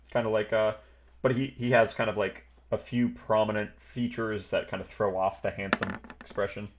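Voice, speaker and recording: A man's voice: lowish voice, flat delivery, moderate pace, noisy background. A man narrating as game master for a tabletop game, rambling and stringing his descriptions together with many fillers and hedges.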